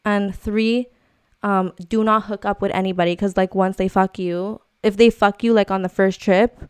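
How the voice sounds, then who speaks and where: A woman's voice: mid-range voice, steady tone, normal speed, smooth, no room sound. Woman, podcast guest, giggly, laid-back, dry close sound. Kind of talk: casual chat.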